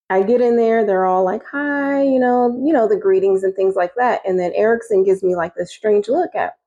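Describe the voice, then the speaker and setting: A woman's voice: moderate pace, dark tone, dull audio. A woman telling a personal story in a casual, chatty way, acting out what people said to her. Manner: casual and chatty, acting out quoted lines with rising pitch. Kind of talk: storytime recounting a personal experience.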